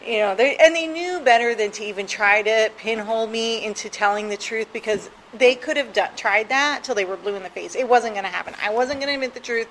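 A woman's voice: a little high, a little fast, a bit bright, a little hiss or hum, poor audio. A middle-aged woman from New Jersey tells her own story candidly, mocking herself and laughing often. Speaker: guest sharing her recovery story. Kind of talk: personal storytelling.

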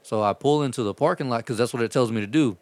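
A man's voice: mid-range voice, fast talker, no room sound. A man telling rambling, profane stories about his delivery driving in a casual chat. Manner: profane, rambling, animated retelling.

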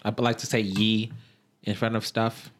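A man's voice: on the low side, flat delivery, normal speed, fairly bright tone. A man co-hosting a podcast with dry, wisecracking remarks. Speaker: podcast co-host. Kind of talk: casual podcast banter.

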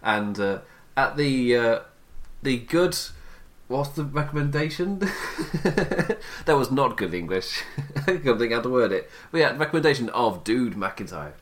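A man's voice: medium pitch, animated, unhurried. A young man hosting a casual wrestling podcast, rambling and restarting his sentences and often laughing at himself. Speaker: podcast host.

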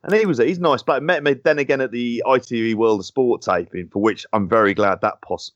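A man's voice: mid-range voice, fairly quick, no room sound, muffled recording. A man from London co-hosting a podcast, chatting casually with rambling, sweary banter. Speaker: podcast co-host. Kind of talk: casual chat.

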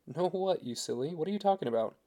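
A man reading a young wife's lines in a raised, playful voice, gentle and teasing. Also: on the high side, expressive, quick pace, pitched above the performer's own voice, close to an everyday voice.

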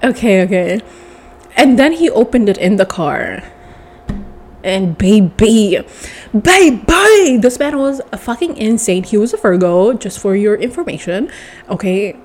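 A young woman with a stuffy nose telling a long personal story in a casual, animated way, swearing freely and calling the listener baby. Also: on the high side, slight background noise.

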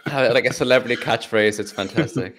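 Fast-talking podcast host. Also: male voice, mid-range voice, a bit bright, a little hiss or hum. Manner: quick, stammers with repeated words. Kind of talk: casual interview chat.

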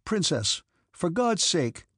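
A man voicing a reserved, sad young nobleman who speaks softly and with restraint. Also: on the high side, measured pace, vocal fry, breathy edge, no echo, clean studio sound, exaggerated voice. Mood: urgent.

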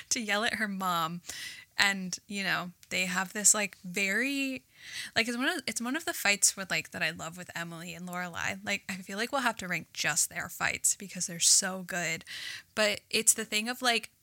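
Bright, dry-voiced young woman podcast co-host. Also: mid-range voice, normal speed, no echo. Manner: chatty, many "like" fillers, enthusiastic. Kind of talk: casual chat.

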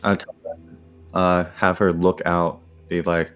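A man taking part as a player in a tabletop game, steady and plain as he describes his actions. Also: deep voice, a little slow, clean tone, faint music behind. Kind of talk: tabletop role-play.

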